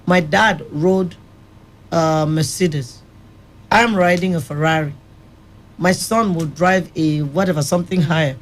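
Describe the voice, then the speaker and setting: A woman's voice: deep voice, measured pace, pauses often. A woman who runs a rehab center, telling firm, vivid stories on a radio studio panel. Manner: firm, vivid anecdotal storyteller. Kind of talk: studio panel discussion, storytelling.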